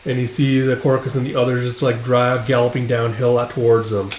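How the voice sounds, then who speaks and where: This man reads through a comic book and casually recaps each page, his retelling loose and filler-heavy. His medium-pitched voice is flat and a little fast, captured with roomy echo and slight background noise.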